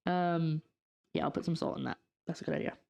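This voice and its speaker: A woman's voice: low-pitched, fairly quick, creaky, mellow, lo-fi sound. Chatty Scottish woman cooking on stream. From Scotland. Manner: chatty, reads out and answers chat, trails off in fillers. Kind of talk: casual cooking livestream chat. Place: home kitchen.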